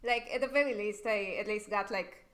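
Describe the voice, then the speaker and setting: Young woman stream host, mid-pitched, chatty and rambling, peppers everything with "like", swears casually. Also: moderate pace, fairly bright tone. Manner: rambling, heavy use of "like", swears freely. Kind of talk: casual storytelling chat.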